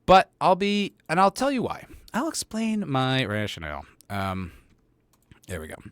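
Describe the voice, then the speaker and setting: A man's voice: on the high side, huge pitch swings, a little slow, smooth, no room sound. Sarcastic, rambling male podcast host. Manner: sarcastic, rambling, profane, laughs often. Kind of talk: casual solo commentary.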